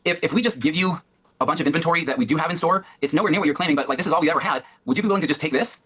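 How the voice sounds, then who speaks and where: A man answering interview questions, hedging and halting with many fillers, in a dull lo-fi clip. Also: a little high, fairly bright tone, husky. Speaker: company executive being interviewed.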